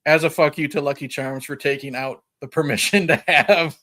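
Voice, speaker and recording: A man's voice: fairly high pitch, fairly even intonation, moderate pace, sharp tone. A man hosting a podcast, retelling a film in a rambling, chuckling casual chat. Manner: rambling, chuckling retelling with frequent "you know". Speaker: podcast host.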